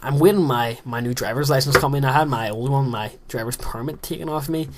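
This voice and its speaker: A man's voice: medium pitch, a little fast, noisy background. A man in his late teens gives rambling, self-deprecating commentary while playing a game, recorded in a small closet room. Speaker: gaming commentator. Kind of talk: casual gameplay commentary.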